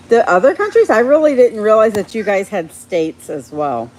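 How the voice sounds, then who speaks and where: A woman hosting a casual live stream, chatting warmly with viewers by name and laughing often. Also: mid-range voice, slight background noise. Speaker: livestream host reading viewer chat.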